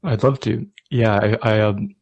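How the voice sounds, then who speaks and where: A man talking as a podcast guest and martial arts writer, with dry, low-key humor. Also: steady tone, unhurried, creaky, a little mellow, dry recording, muffled recording. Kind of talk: casual podcast chat.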